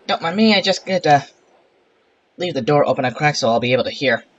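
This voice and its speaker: A gaming channel host with a slightly high, animated voice gives rambling, casual let's-play commentary while playing a park-building game. He talks a little fast and makes exasperated asides, and the sound is lo-fi.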